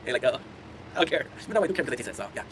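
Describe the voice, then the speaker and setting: A man in his twenties chats to his viewers and tells rambling, laugh-filled stories at breakneck speed. His voice sits at an ordinary middle pitch. Steady background noise with vehicle sounds runs under him. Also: racing. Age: 20s. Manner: chatty, laughs often, addresses viewers directly. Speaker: content creator streaming to chat. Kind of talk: casual rambling storytelling.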